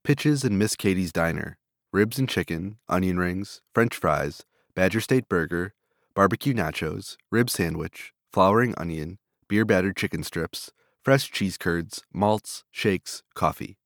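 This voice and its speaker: Low-voiced man reading a food list. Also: unhurried, no room sound, clean studio sound. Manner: steady list reading, flat delivery.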